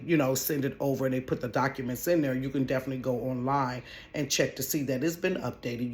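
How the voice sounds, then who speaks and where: A woman telling a casual storytime about her old job at home, chatty and animated, calling listeners honey. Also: deep voice. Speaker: vlogger telling a work story.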